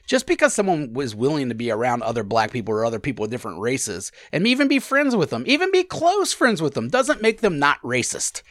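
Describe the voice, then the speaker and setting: Younger male podcast host, lively pitch swings, dry close sound. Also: a little fast, hardly any pauses, no echo. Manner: animated, laughing, swings up in pitch. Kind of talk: casual chat.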